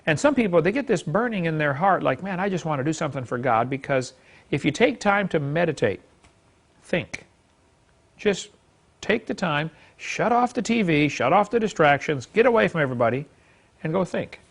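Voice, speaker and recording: A man's voice: on the high side, lively intonation, moderate pace, vocal fry. A man teaching a Bible class to a live audience, folksy and emphatic, chuckling as he acts out quoted speech.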